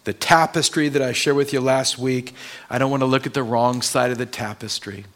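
Male pastor, mid-pitched voice, delivering an expressive sermon in church. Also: brisk. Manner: expressive, swings from loud emphasis to hushed tones. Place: church sanctuary.

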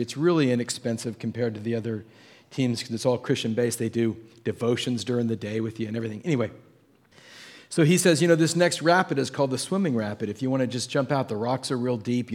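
A middle-aged man, a pastor, telling a story in a sermon and jumping his voice up to act out the people in it. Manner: animated storytelling, acts out voices with jumps in pitch.

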